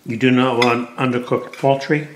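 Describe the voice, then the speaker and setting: A man's voice: medium pitch, steady tone, moderate pace, noisy background. A man, a cooking show chef, giving casual commentary as he tastes a dish and talks while eating. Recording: roomy kitchen echo, faint clatter.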